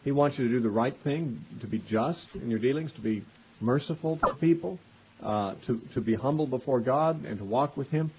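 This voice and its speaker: A man's voice: medium pitch, a little fast, noisy background. A man teaching through a Bible passage verse by verse, reading the verses aloud with rising emphasis and then explaining them in a casual, conversational way. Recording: dull lo-fi recording.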